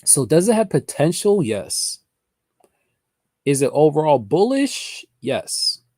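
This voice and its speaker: A man talks viewers through a live trading lesson in a relaxed, chatty way, answering questions from the chat as they come in. His voice has a gravelly edge. The sound is dry and close, with no room echo. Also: a little high, slow pace. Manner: chatty, addresses viewers directly, reads chat comments aloud. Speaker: trading educator hosting a livestream. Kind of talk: casual livestream teaching, answering chat.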